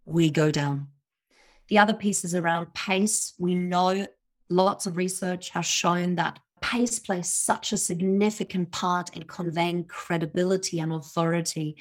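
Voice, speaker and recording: A woman's voice: fairly low pitch, little pitch movement, measured pace. A woman giving confident, emphatic expert advice as a guest in a podcast interview, laughing now and then at her own points. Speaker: communication coach, guest.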